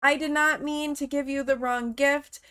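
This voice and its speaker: A woman's voice: sits high, steady tone, normal speed, pushed and bright. A woman voicing an apologetic young woman who pleads for forgiveness. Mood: pleading. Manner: pleading, contrite.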